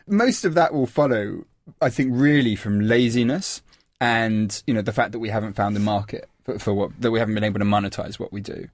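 A man's voice: lowish voice, a little fast, no room sound. A man speaking as a guest on a podcast panel, dry-witted with stammering restarts. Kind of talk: casual panel discussion.

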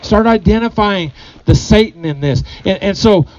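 A man's voice: high voice, normal speed, a little mellow, lo-fi sound. A man preaching a sermon to his congregation, earnest, often repeating phrases and putting questions to the people. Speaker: pastor.

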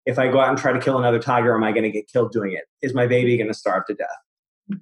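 A man therapist in casual conversation with a mid-pitched voice, relaxed and explanatory, telling stories to make his point. The recording has a roomy echo around him. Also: quick pace. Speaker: therapist, host.

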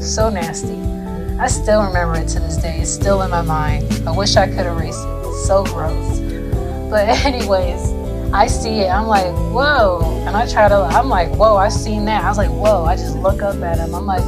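A woman's voice: medium pitch, moderate pace, loud music behind the voice. A young woman telling a story in a casual vlog, swearing often and filling her speech with "like". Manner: swearing, lots of "like" fillers, animated retelling.

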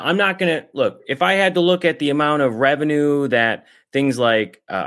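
A man co-hosting a podcast, talking fast and sarcastically in casual chat. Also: medium pitch, fairly bright tone.

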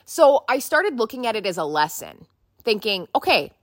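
A woman's voice: a little high, sing-song, moderate pace, no echo, clean studio sound. A young woman hosting a podcast, chatting casually and telling a personal story with lots of fillers and restarts. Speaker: podcast host. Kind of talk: casual solo podcast chat.

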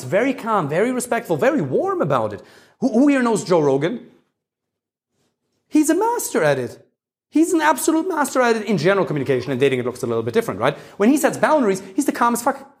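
Fast-talking guy coaching a crowd, voice jumping all over, pretty high-ish. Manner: animated, emphatic, swings between loud and calm. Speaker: dating coach. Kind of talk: live talk to a small audience.

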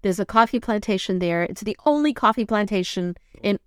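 A woman's voice: mid-range voice, fairly quick, clear, resonant tone, no echo, studio quality. A middle-aged woman co-hosting a casual chat, telling stories animatedly and getting emotional. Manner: animated storytelling, gets emotional. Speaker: co-host.

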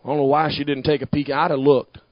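A man preaching a sermon to a congregation, talking back and forth with them and building to shouted emphasis. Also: a little high, flat delivery, fast, no room sound, muffled recording. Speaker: pastor.

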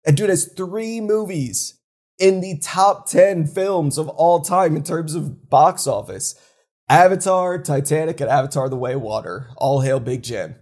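A man co-hosting a casual chat, animated and opinionated, getting worked up for fun. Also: on the high side, measured pace. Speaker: co-host.

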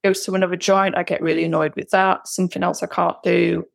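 Woman, 40s, therapy client, candid and venting, gravelly texture. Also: fairly low pitch, level tone, fast. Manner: frank, venting frustration. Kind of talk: candid personal account.

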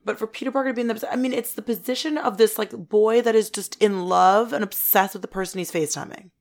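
A young woman in her twenties co-hosting a podcast, ranting excitedly about a film. She swears freely and talks herself into mock fury, with a mid-pitched voice. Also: quick pace. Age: 20s. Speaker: podcast co-host. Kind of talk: casual chat.

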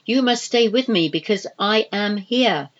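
A woman's voice: medium pitch, animated, measured pace, highs cut off, close to an everyday voice. A woman voicing Frank, a flustered forty-year-old man who talks in an earnest, urgent, coaxing way, read in an audiobook. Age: 40s.

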